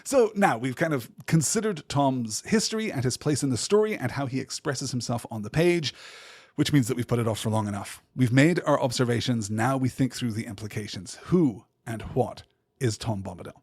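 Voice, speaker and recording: A man hosting a literary podcast, explaining poetic meter in a measured, thoughtful way. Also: medium pitch, animated, a little mellow, breathy edge, no room sound, studio quality. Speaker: podcast host.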